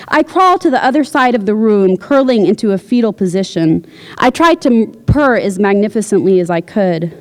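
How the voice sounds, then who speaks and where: A woman reading her own fiction aloud at a university, with a wry, deadpan delivery. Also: medium pitch, a little fast, in a large hall. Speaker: visiting writer. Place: university lecture hall.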